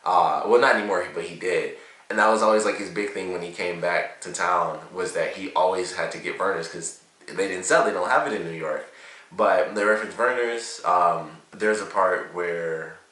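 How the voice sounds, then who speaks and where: A man's voice: low-pitched, normal speed, sharp tone. A young man rambling through a casual TV episode review, laughing often and leaning on filler words. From Detroit area, USA. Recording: echoey room, distant from the mic.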